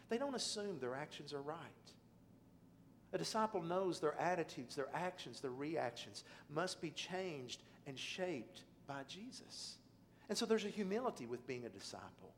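Man, middle-aged, pastor, sermon, storytelling, quiet to loud, slightly high pitch. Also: very animated, measured pace, a little hiss or hum. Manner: storytelling, swings from quiet and low to loud emphatic pleading.

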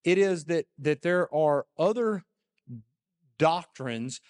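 A man's voice: on the high side, animated, slow pace, a little mellow. A male pastor preaching a sermon in a conversational, emphatic way, often repeating words. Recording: long echo in a church hall.

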